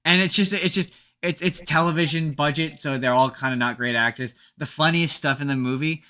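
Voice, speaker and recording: A man's voice: a little high, a little fast, bright, forceful tone. A man co-hosting a podcast, retelling a movie in casual chat, rambling and restarting often. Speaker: podcast co-host.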